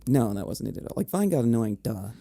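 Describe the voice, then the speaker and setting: Young dude podcasting, gravelly dark voice, cussing and ranting, dry sound. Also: male voice, mid-range voice, expressive, fast, no room sound. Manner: blunt, swearing, ranting. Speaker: podcast co-host. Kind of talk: casual chat.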